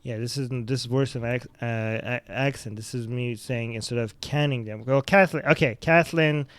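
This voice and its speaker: A man's voice: medium pitch, normal speed, clear, resonant tone, no room sound. A man who speaks English as a second language hosts a podcast, giving blunt, profane commentary on the news and reading out viewer comments. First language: not English. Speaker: podcast host.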